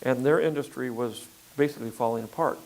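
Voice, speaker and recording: An older man filmmaker in a relaxed interview conversation, talking in a rambling way with frequent fillers and restarts. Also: mid-range voice, brisk, poor audio. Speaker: filmmaker guest.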